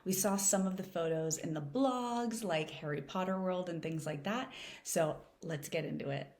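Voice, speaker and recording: A woman hosting a reaction video in casual, chatty commentary, bubbly and quick to laugh, in an echoey room. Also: on the low side, a little mellow. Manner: bubbly, chatty, laughs often, gets emotional.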